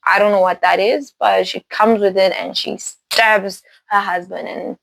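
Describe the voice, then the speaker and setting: A woman hosting a casual spoiler recap of a film, talking in an animated, rambling way, with laughs and restarts. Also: mid-range voice, measured pace, vocal fry, no room sound, poor audio. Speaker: movie reviewer host.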